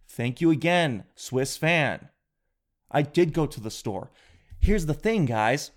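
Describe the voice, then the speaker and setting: A man hosting his own podcast, telling a rambling comic story in an animated, jokey way. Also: on the high side, moderate pace. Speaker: podcast host. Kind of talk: comedic podcast monologue.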